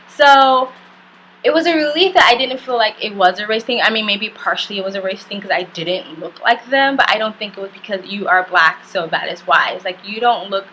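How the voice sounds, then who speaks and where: Bright-voiced woman telling a candid travel story. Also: a little high, brisk, a little hiss or hum, rough recording. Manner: candid and chatty, heavy use of "like"; blunt, swears casually. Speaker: travel vlogger. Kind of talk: casual storytelling to camera.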